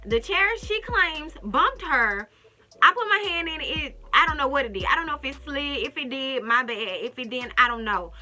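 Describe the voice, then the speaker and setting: A woman vlogger telling a story to the camera in a casual, animated way, speaking straight to her viewers. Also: sits high, normal speed. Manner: animated, talks straight to viewers, acts out quotes.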